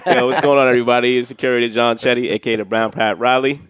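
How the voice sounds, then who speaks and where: A man's voice: medium pitch, level tone, very fast, a bit bright, smooth, dry recording. A young man co-hosting a podcast, teasing and laughing through the banter. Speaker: podcast co-host. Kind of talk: casual chat.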